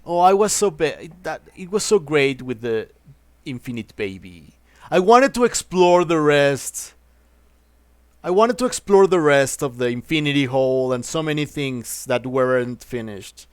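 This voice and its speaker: A man's voice: mid-range voice, expressive, normal speed, dry recording. Frustrated male streamer, dry close sound. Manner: frustrated, repeating himself. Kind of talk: casual live gameplay commentary.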